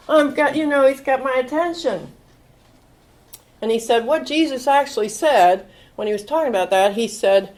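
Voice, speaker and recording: A woman's voice: fairly high pitch, normal speed, poor audio. A woman in her sixties giving a recovery talk, telling stories with acted-out quotes and frequent laughter. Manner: animated storyteller, acts out quotes, laughs often. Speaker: AA speaker.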